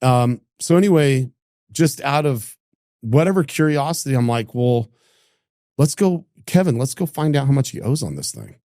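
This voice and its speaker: A middle-aged man from Idaho, a business founder telling a story in casual conversation, acting out what people said, with lots of quick restarts. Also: medium pitch, no echo, clean studio sound. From Idaho, United States. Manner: animated, acts out quoted dialogue, frequent restarts. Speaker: entrepreneur guest.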